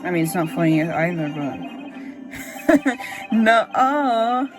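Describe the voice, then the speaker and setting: A woman's voice: on the low side, expressive, slow, over music. A woman giving casual reaction commentary, musing aloud with lots of fillers and restarts. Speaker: reaction video host.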